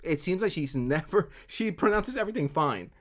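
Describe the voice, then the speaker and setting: Giggly streamer woman, lively pitch. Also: normal speed. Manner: giggly, swears freely, breaks into laughter. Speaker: streamer reacting to a video. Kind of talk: casual reaction commentary.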